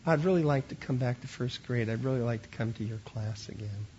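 A man quoting a shy little boy from his class in a soft, slightly lower voice. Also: fairly quick, dull audio, slight background noise, lightly acted. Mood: pleading.

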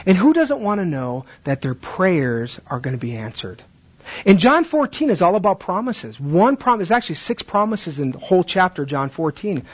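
A man's voice: high-pitched, breathy edge, muffled recording. A man training Bible teachers in a conversational way, asking questions and acting out classroom exchanges.

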